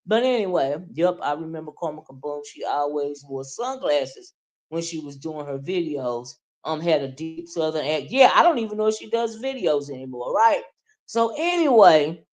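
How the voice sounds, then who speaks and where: A woman's voice: fairly low pitch, very animated, normal speed. A woman hosting a livestream, ranting casually and talking straight to her viewers, often checking in with "right?" and "okay?". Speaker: livestream host. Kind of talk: casual livestream rant, reading chat.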